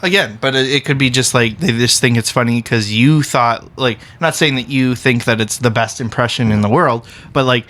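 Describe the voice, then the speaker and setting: A man's voice: mid-range voice, moderate pace, few pauses, fairly bright tone. Chatty male podcast co-host. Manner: talkative, reassuring, coaching tone. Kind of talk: casual podcast chat.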